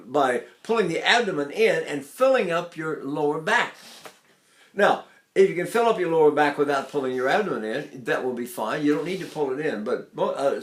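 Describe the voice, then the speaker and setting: A man's voice: fairly high pitch, roomy sound. A man in his eighties teaching vocal technique, breaking into sung syllables to demonstrate. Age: 80s.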